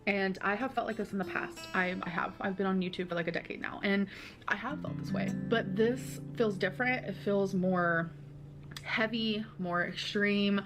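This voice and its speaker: A woman's voice: medium pitch, music in the background. A woman talking earnestly in a confessional vlog, dragging out her words. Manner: earnest, slow, drawn-out words. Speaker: video blogger.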